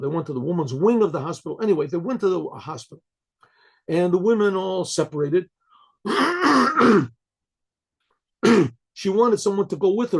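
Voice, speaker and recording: A man, a rabbi, telling a story in a loose, conversational way. He clears his throat often and restarts his sentences. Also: fairly high pitch.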